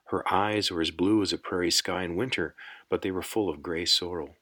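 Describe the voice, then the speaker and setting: A man narrating a fantasy audiobook in a measured, unhurried storytelling manner. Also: sits low, steady tone, bright, forceful tone. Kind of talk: scripted narration.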